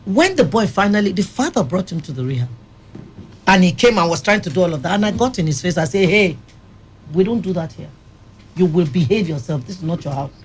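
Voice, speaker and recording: A woman's voice: on the low side, lively intonation, a little fast, slight background noise. A woman who runs a rehab center, telling firm, vivid stories on a radio studio panel. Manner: firm, vivid anecdotal storyteller. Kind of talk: studio panel discussion, storytelling.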